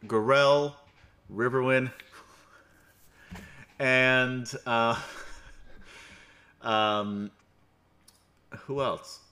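A bright-voiced man from New York runs a game stream, recapping between jokes. His pitch swings widely and he rambles through plenty of fillers. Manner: joking, rambling, many fillers. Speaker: game master. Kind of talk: livestream recap and banter.

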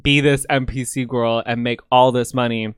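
A man co-hosting a podcast in casual chat, talking in an animated, profane, gushing way. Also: medium pitch, moderate pace, clear, resonant tone, dry recording, studio quality. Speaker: podcast co-host.

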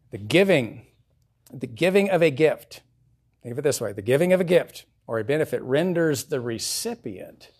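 A male pastor delivers a sermon in an easy, conversational manner. He often asks his listeners questions. His voice sits at a middle pitch. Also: darkish tone, breathy edge.

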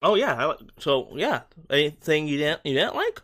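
A man co-hosting a podcast, talking over a film in a casual, rambling way, full of "like" and restarts, and often getting excited. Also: on the high side, moderate pace. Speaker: podcast co-host. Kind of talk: casual movie-review chat.

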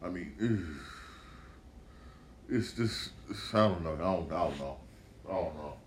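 A man's voice: low voice, a little slow, a little hiss or hum. A man hosting a casual solo podcast, talking off the cuff with lots of swearing, repeated words and stumbling restarts. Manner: profane, repetitive, stumbling restarts. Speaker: podcast host. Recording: echoey room with faint ambience.

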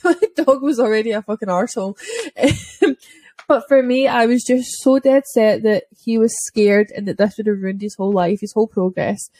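A young Scottish woman, a dog trainer, chatting casually on a podcast and telling lively stories, acting out quick voices and swearing freely. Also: on the high side, no echo. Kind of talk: casual chat.

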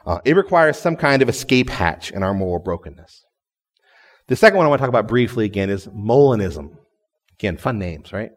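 A man's voice: on the low side, very animated, brisk, long reverb tail. A man giving a sermon as a guest preacher. He speaks conversationally and often adds "right?" to check in with listeners.

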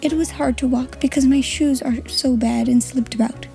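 A woman voicing a ragged, hungry young girl who stays polite, speaking softly and faintly. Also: sits high, steady tone, moderate pace, creaky, soft background music. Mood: weary.

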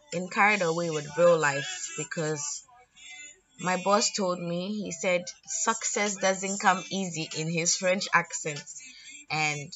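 Woman podcast host, lowish voice, earnest and reflective, muffled lo-fi sound. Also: bright, forceful tone. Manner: reflective, earnest, slightly preachy. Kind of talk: casual solo podcast chat. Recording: dull lo-fi audio with music underneath.

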